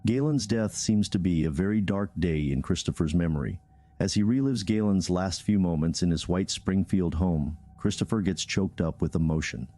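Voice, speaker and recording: A man giving scripted true crime narration in a measured, solemn way. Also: sits low, mellow, no room sound.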